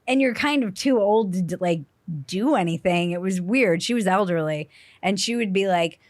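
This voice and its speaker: A middle-aged woman hosting a podcast, telling stories in a casual, animated way and acting out the people in them. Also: mid-range voice, normal speed, no echo, clean studio sound. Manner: animated storyteller, acts out voices. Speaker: podcast host. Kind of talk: casual storytelling chat.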